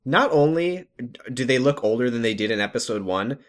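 A man's voice: medium pitch, animated, a little fast. A man co-hosting a podcast, casually and sarcastically recapping a TV episode with lots of restarts. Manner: sarcastic, rambling, frequent restarts. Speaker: podcast co-host.

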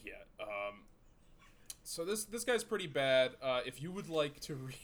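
Podcast guy, chatty, laughs a lot, lots of uhs, mid pitch. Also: sing-song, measured pace, a bit bright. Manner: laughing, full of fillers, crude jokes. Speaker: podcast co-host. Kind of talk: casual podcast chat.

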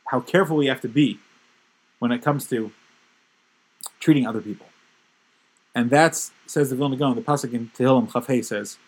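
A man's voice: mid-range voice, normal speed, long pauses, husky, low-quality recording. A man giving a Torah class, telling stories with emphatic, building intensity. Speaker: religious teacher.

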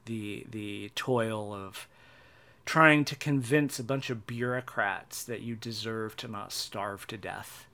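A young man in a casual personal monologue, halting with many restarts and fillers, and a wry, dark humor. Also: fairly low pitch. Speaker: vlogger.

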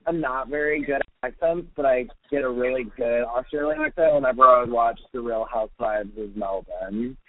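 A man's voice: mid-range voice, moderate pace, few pauses, no room sound. A man in casual conversation, laid-back with dry teasing humor. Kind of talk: casual chat. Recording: tinny phone-like dry sound.

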